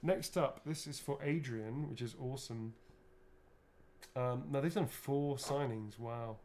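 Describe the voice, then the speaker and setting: A man in mid pitch talks loosely and rambles while he signs items, dropping casual swears. His speech is informal and unscripted, with a faint hiss of room noise underneath. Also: a little slow, darkish tone. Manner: rambling, chatty, swears freely. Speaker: actor signing autographs. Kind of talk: casual livestream chat.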